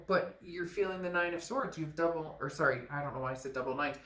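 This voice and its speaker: Animated woman in an echoey room. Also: fairly quick, hardly any pauses. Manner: animated, frank, swears, acts out quoted lines in a high voice. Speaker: tarot reader. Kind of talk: casual tarot reading.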